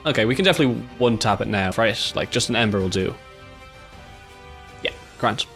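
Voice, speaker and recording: An Irish man giving casual, excitable gameplay commentary, swearing freely and thinking aloud as he plays. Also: on the low side, brisk, faint music behind. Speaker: gaming YouTuber.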